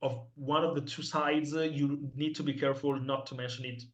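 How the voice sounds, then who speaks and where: A man's voice: fairly high pitch, fairly even intonation, normal speed. An Italian man who speaks English as a second language, a podcast guest talking hesitantly and searching for words. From Italy. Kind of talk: casual interview. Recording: dull lo-fi audio.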